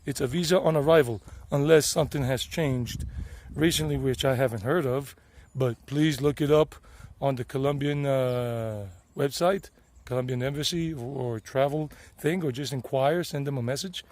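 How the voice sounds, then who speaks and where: Vlog host, man with a Southern American accent, middle-aged, rambling and chatty, talking outdoors, slightly high voice. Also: a little mellow. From United States. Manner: rambling, chatty, self-correcting. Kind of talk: casual outdoor vlog talk. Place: outdoors in the countryside.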